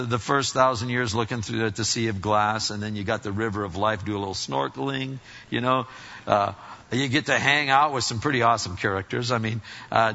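A male pastor with a gravelly, edgy voice delivers a lively, folksy sermon, leaping from loud outbursts to quiet asides. The recording sounds dull and lo-fi. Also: mid-range voice. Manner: animated and folksy, swinging between loud exclamations and hushed asides.

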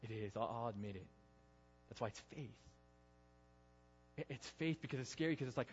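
A man preaching a sermon, earnest, swinging between loud emphasis and hushed intensity. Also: medium pitch, fast, pauses often, faint music behind. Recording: dull sound with long reverb in a hall.

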